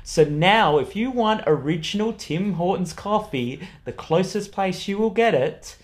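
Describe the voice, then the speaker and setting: A man with a fairly high speaking voice chats on a podcast, enthusiastically recommending restaurants. His delivery is relaxed and conversational, sprinkled with ums and repeated words. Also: a little slow. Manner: enthusiastic, gives recommendations with frequent ums and uhs. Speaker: podcast co-host recommending places to eat. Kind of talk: casual chat.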